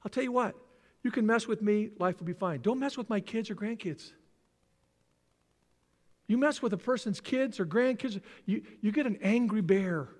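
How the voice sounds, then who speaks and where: Brief: older male pastor, high bright lively voice, dramatic sermon delivery, heard with long reverb in a large hall. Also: normal speed. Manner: animated, dramatic, acts out voices, drops to near whispers.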